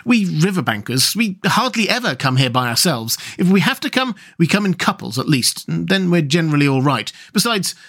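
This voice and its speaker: A man's voice: a little high, fairly bright tone, slightly rough, pitched above the performer's own voice, heavily acted. A man voicing a good-natured, brave male water rat who talks in a soothing, reassuring way.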